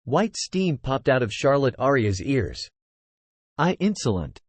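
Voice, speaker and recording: Male text-to-speech narrator, lively pitch, dry close sound, reads out punctuation. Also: measured pace, no echo. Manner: reads punctuation marks aloud.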